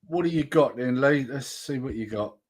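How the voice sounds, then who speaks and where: A man's voice: medium pitch, normal speed. A man hosting a live stream, laid-back and laughing often as he reads out viewer comments. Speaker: stream host. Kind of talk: casual chat on a live stream.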